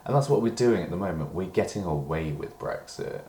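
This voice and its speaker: A man's voice: sits low, expressive, brisk, dark tone, roomy sound, a little hiss or hum. A British man in a rambling personal diary monologue, meandering and hedging, swearing when he gets worked up. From Britain. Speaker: diary vlogger.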